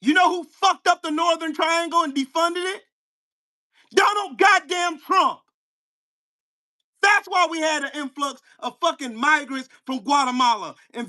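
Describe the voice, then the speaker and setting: A man hosting his own channel, delivering a heated, profane political rant at a commenter, firing rhetorical questions and bursting into shouts. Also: very high-pitched. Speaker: channel host. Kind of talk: angry political rant to camera.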